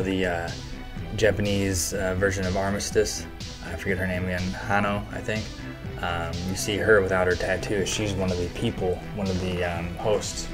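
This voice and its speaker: Male recap host, deep voice, relaxed rambling delivery with swearing, soft music underneath. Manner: loose and chatty, heavy on fillers, casual swearing. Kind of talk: casual episode breakdown.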